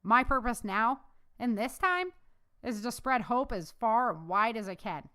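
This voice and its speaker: A woman's voice: a little high, animated, a little slow, sharp tone. A woman voicing an earnest, heartfelt young woman who survived a disaster.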